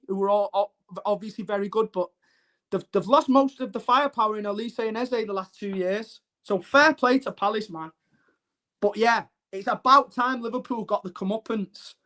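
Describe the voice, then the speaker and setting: A man's voice: high voice, a bit bright. A man hosts a live-streamed football show. He talks to his chat in a brash, mocking and emphatic way. His delivery is blunt and combative.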